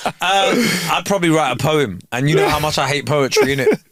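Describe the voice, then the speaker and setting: A man's voice: on the high side, animated, brisk, fairly bright tone, slight background noise. A young man, co-hosting a podcast in casual, joking banter and laughing often. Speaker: podcast co-host. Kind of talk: casual chat.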